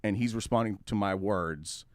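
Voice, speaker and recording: A man hosting a radio talk show, telling a long story in a casual, animated way, swearing freely and acting out both sides of the conversation. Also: on the low side, normal speed, no room sound, studio quality. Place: studio.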